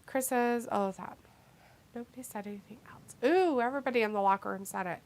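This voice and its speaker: Woman on a live stream, slightly high voice, reads chat out, laughs a lot, sarcastic. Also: brisk, a little mellow. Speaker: co-host of a wrestling watch-along stream.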